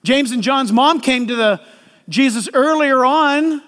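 High-voiced preacher in a reverberant hall. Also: male voice, unhurried, smooth. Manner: animated preaching with acted-out quotes. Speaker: pastor. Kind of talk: sermon.

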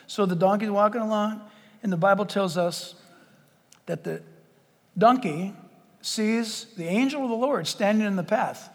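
Male pastor, sermon, animated, laughing, high voice, long hall reverb. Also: a little slow, pauses often. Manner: animated, acts out scenes, laughs often.

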